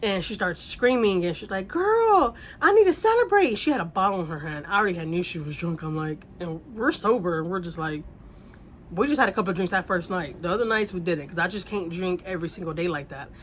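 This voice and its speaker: A woman's voice: on the low side, fast talker, a little hiss or hum. A woman telling a vacation story in casual storytime style, rambling and repeating herself with the odd swear word.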